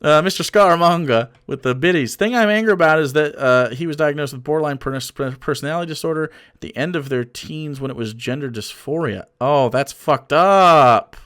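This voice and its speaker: A man's voice: fairly high pitch, a little fast, hardly any pauses, fairly bright tone, clear, resonant tone. A man giving casual, sarcastic and profane reaction commentary on a political video.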